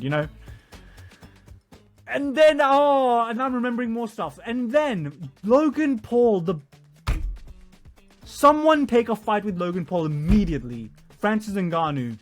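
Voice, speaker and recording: A young man venting in a heated, profane casual rant, his loudness swinging from mutters to shouts. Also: sits high, very animated, moderate pace, soft background music. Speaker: vlogger.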